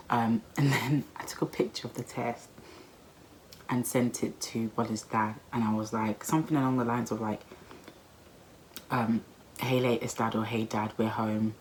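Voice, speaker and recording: A young woman recounts a personal story for her vlog, chatty and expressive and full of casual slang. Her voice sits unusually low for a woman. A faint hiss runs underneath. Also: poor audio. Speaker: vlogger.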